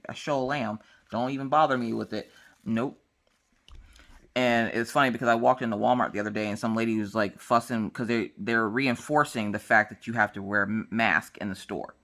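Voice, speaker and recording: A woman chatting casually to camera while crafting, telling a story and acting out the people in it. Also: very deep voice. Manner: animated storytelling, acts out dialogue. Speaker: vlogger.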